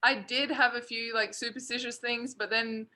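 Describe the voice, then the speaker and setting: A woman's voice: on the high side, normal speed. A young Australian woman, a college basketball player, chatting easily on a video call. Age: young adult. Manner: relaxed, laughs between thoughts. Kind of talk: casual video-call interview.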